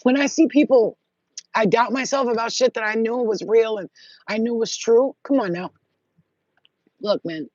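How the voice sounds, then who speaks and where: Husky woman ranting profanely. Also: on the high side, normal speed, long pauses, a little mellow, dry recording. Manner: profane, blunt and rambling. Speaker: spiritual vlogger. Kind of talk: rambling casual monologue. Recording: dull lo-fi audio.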